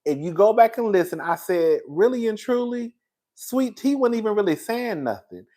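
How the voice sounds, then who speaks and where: A man's voice: sits high, normal speed. A man hosting a casual show, gossiping and laughing as he recaps reality TV drama. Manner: animated, gossipy, laughs a lot. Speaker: host.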